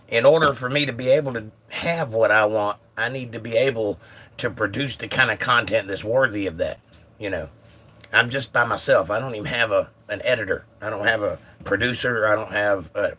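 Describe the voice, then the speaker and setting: A man with a slightly hoarse, bright voice hosts a relaxed live stream from home. He reads chat comments aloud and answers them in an easygoing, chatty way. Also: on the low side. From United States. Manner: laid-back, reads viewer comments aloud. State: a little hoarse. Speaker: livestream host reading chat.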